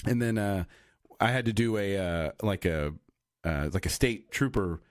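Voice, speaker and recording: A young man co-hosts a podcast, chatting casually and rambling with plenty of fillers and restarts. His voice is lowish, animated and a little slow. The recording has no echo and studio quality.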